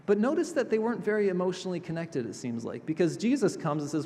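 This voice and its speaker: A male pastor delivering a sermon in a chapel, expressive, moving between emphatic passages and hushed, gentle ones. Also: high-pitched, quick pace. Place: chapel sanctuary. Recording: reverberant chapel hall.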